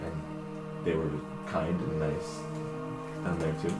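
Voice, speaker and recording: A man running a tabletop game as dungeon master, calmly describing scenes and townsfolk. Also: very deep voice, takes it slowly. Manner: relaxed, describes scenes and voices townsfolk in quotes. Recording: roomy sound with background music.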